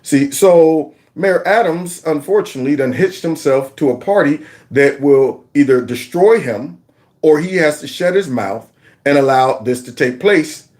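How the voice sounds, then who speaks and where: A man talks through his commentary vlog in a fairly high, lively voice. He mocks and scolds with plenty of energy, laughing often. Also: a little slow. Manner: mocking, animated, laughs often, breaks into sung lines. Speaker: political commentary host.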